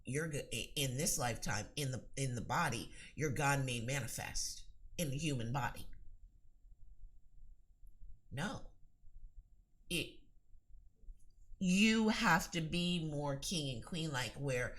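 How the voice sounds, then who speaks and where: A woman's voice: a bass voice, lively intonation, slow pace, long pauses, a bit bright. Psychic teacher, woman, earnest and emphatic, rambling monologue. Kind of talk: spiritual advice monologue.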